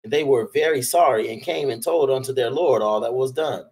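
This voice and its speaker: Male reader, mid voice, steady plain scripture reading. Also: mid-range voice, a little fast, poor audio.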